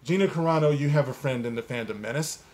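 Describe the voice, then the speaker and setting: A man's voice: mid-range voice, fast talker, darkish tone. A man hosting a commentary video, talking in an indignant, emphatic way and rambling with fillers as he sounds off on an online controversy. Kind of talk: opinionated casual commentary.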